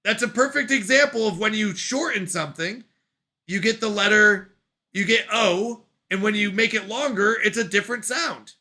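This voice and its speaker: Male streamer host, high and piercingly bright, playful, laughing banter with chat. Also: moderate pace. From Canada. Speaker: livestream host reading chat. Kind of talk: casual live-stream chat. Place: at home on a couch.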